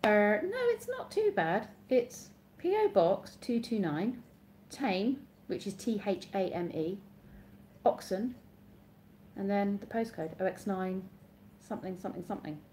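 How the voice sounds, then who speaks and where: A woman with an English accent from Oxfordshire, chatting casually as a live streamer and reading viewer comments aloud. She rambles and corrects herself mid-sentence, in a mellow, warm voice at a middling pitch. A faint hiss of noise sits behind her. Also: animated, measured pace. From Oxfordshire, England.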